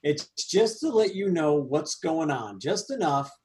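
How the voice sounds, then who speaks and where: A man co-hosting a casual movie review chat, animated and laughing, with quick asides. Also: fairly high pitch. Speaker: podcast co-host.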